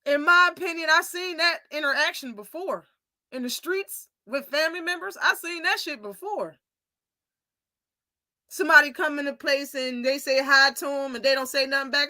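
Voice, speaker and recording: A young adult woman hosting a casual live commentary show, opinionated and animated, acting out quoted lines as she tells them. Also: high voice, a little fast, no room sound. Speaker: host.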